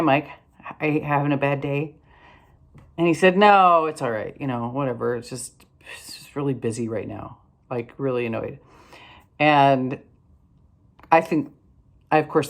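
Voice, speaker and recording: A tired older woman telling a rambling, wry story in a casual vlog, with lots of fillers and restarts. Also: a bass voice. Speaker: vlogger.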